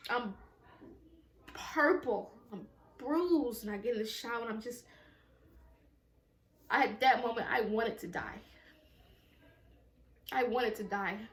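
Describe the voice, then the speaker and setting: A woman's voice: on the high side, slow pace, pauses often, fairly bright tone, reverberant. A woman telling a personal story time at home, in a raw, emotional, profane way with many repetitions. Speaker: vlogger.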